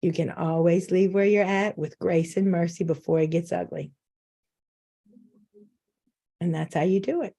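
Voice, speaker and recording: A woman's voice: on the low side, fairly even intonation, fairly quick, gravelly, dark tone. A middle-aged woman giving an informal faith talk on a video call, candid and self-mocking, laughing often. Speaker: guest speaker.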